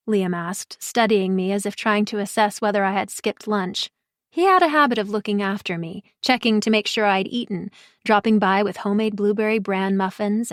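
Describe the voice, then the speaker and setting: A woman narrating a first-person audiobook in a warm, conversational storytelling manner. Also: mid-range voice, no room sound, clean studio sound.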